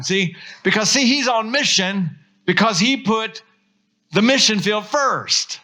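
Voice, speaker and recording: A pastor with an American accent preaching a sermon, telling stories with lively acted-out quotes. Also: male voice, high voice, takes it slowly. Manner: animated storytelling, acts out quotes.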